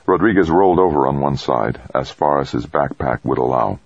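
A man narrating an audiobook in an even, measured storytelling manner. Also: extremely low pitch, no room sound, muffled recording. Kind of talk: scripted narration.

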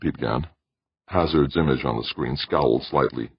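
A man reading an audiobook in steady scripted narration. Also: extremely low pitch, moderate pace, breathy edge, no room sound. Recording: dull lo-fi, dry.

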